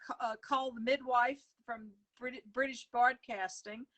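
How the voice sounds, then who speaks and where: A woman recounts stories in a loose, rambling way, full of fillers and restarts. Her voice sits a touch high and rings bright. She is on a phone video call from home. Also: fairly even intonation, moderate pace. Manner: rambling storyteller with many fillers. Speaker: guest, coloring book author. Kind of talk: casual chat over video call.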